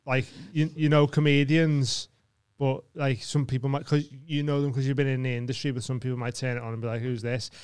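A man's voice: mid-range voice, little pitch movement, fairly quick, hardly any pauses, darkish tone, clean tone. A man hosting a casual podcast, chatty and fond of tag questions like "innit". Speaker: podcast host.

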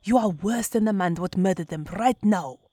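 A stern old ancestor man, voiced by a woman, scolds and rises to a loud warning in this storybook reading. The lowish voice sits close and dry. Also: extremely slow, husky, dry recording, full character voice.

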